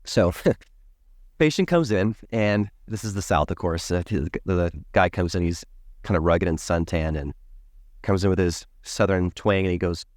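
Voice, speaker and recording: A man who works as a dental hygienist, a podcast guest telling an animated story and acting out the people in it. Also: low-pitched, a little slow, no room sound, clean studio sound. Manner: emphatic, acts out the people in his stories.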